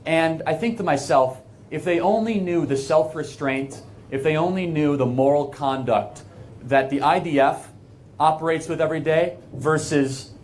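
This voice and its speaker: A man's voice: on the high side, moderate pace, a little mellow, a little hiss or hum. An American man giving an earnest, emphatic speech to a live audience, conversational and full of asides. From United States. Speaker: guest speaker. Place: event hall with an audience.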